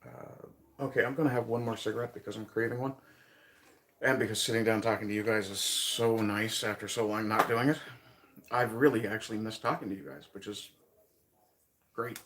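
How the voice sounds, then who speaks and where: A man's voice: fairly low pitch, steady tone, fairly quick, fairly bright tone, slight background noise. A man from Newfoundland with a light Newfoundland accent, chatting casually with viewers on his livestream, rambling and chuckling as he thinks aloud. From Newfoundland, Canada. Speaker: livestream host.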